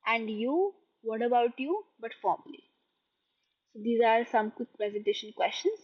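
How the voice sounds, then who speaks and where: Husky-voiced woman teaching French. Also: a little high, animated. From India. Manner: slow, careful repetition of phrases with translations. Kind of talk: beginner language lesson. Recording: muffled lo-fi audio.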